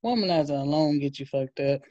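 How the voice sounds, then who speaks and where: A woman's voice: deep voice, brisk, warm tone, no echo, lo-fi sound. A woman co-hosting a podcast in casual chat, blunt and slangy with short quips. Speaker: podcast co-host.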